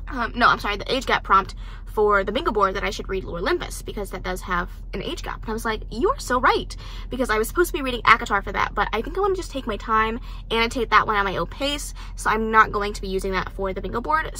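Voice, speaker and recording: A young woman talking casually to the camera at home about the books she is reading, animated and self-deprecating. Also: medium pitch, a little hiss or hum. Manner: chatty, animated, self-deprecating with bursts of loud excitement. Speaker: book vlogger. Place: her home.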